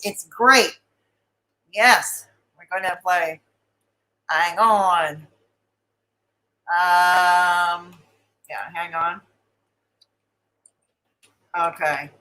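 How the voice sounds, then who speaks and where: A woman's voice: fairly high pitch, pushed and bright, roomy sound, poor audio. A woman hosting a casual livestream, chatting with viewers and repeating her greetings and thanks. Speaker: livestream host. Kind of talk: casual livestream chat reading viewer comments.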